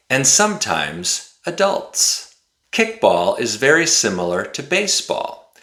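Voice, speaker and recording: Male teacher for a pronunciation lesson, lively pitch, roomy sound. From United States. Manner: slow, carefully articulated, demonstrative. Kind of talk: slow, clear pronunciation lesson.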